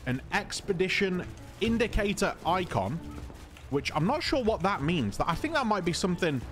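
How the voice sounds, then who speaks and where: A man from England with an English accent, calmly talking through a video game in casual commentary, polite and chatty. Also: high voice, normal speed, faint music behind. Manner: calm, conversational, polite even when insulted. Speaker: gaming video host.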